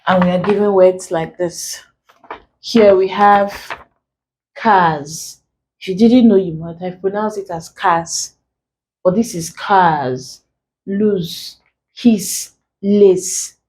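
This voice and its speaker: A woman tutoring exam pronunciation, speaking deliberately and repeating each example word to drill the sounds. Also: medium pitch, steady tone, darkish tone, a little hiss or hum, rough recording. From Nigeria. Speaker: English tutor. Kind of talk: exam-prep pronunciation lesson.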